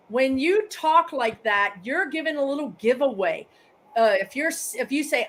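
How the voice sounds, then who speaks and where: High-voiced woman, psychic medium guest. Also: normal speed. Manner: explains with everyday examples, lively quoted phrases. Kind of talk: casual live chat.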